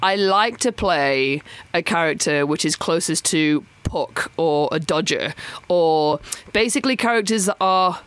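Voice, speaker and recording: A young woman with a Northern English accent, hosting a casual podcast chat, chatty and quick to laugh, often trailing off mid-thought. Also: deep voice, a bit bright, no echo. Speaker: podcast host.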